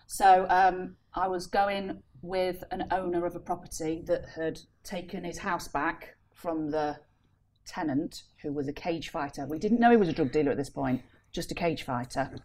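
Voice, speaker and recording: In a casual panel chat, a woman who packages property deals tells a story, laughing and animated as she acts out its characters. Her voice is fairly low for a woman, and she keeps a moderate pace.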